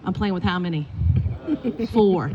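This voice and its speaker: A middle-aged woman, a basketball coach, telling lively stories in a eulogy and acting out the quotes. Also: fairly low pitch, a little slow, muffled recording, noisy background. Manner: animated storytelling with acted quotes. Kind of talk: eulogy with storytelling. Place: indoors at a funeral gathering.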